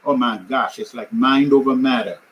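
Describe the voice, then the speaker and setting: A man's voice: mid-range voice, normal speed, muffled recording, slight background noise. Older man rambling through a race story. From New York. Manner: rambling, animated, many fillers and restarts. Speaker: amateur marathon runner. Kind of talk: casual personal storytelling.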